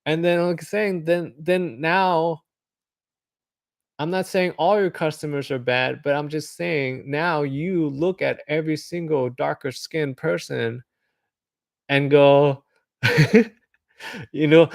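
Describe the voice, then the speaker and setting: A man's voice: a little high, a little slow, vocal fry, darkish tone, no room sound. Man rambling casually on a dry mic. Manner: meandering, acts out hypothetical voices, with filler words. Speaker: vlogger.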